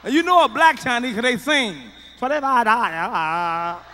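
High sharp-voiced guy doing loud dirty stand-up, big echoey theater. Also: animated, fairly quick, a little hiss or hum. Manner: loud, profane, swings from shouting to muttered asides. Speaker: stand-up comedian. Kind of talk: stand-up comedy routine. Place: large theater stage with live audience. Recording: live concert hall reverb.

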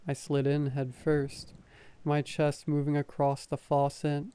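Soft, mellow ASMR storyteller man. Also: medium pitch, clean tone, no echo. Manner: soft, slow, even storytelling delivery. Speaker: story narrator.

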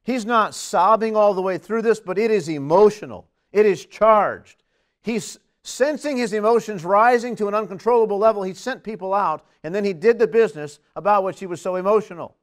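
Male preacher with a high voice, earnest and emphatic, mid-sermon. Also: brisk. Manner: earnest, emphatic, lively swings in pitch and loudness.

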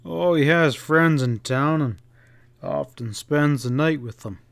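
A man voicing a tall, proud young male railroad engineer in an audiobook, terse and quick to bristle. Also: fairly high pitch, creaky, no echo. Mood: guarded. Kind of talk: audiobook character reading.

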